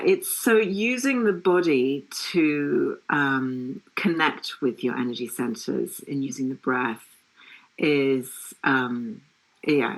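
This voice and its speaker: Bright, animated middle-aged woman. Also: extremely low pitch, poor audio. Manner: animated, laughing storyteller. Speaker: guest, yoga teacher. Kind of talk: casual interview chat.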